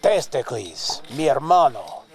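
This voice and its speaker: A man's voice: medium pitch, big pitch swings, measured pace, slightly rough. A man playing a pompous, condescending 18th-century Spanish military engineer with a put-on Spanish accent, speaking grandly and dropping in Spanish words. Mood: grandiose. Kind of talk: comedy sketch acting.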